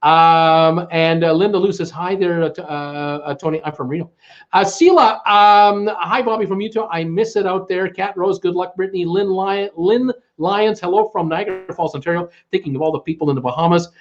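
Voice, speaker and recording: A man's voice: sits high, normal speed, muffled recording. A man with a Canadian accent hosting a live stream, greeting viewers and reading their comments aloud, chatty and stumbling over names. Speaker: livestream host.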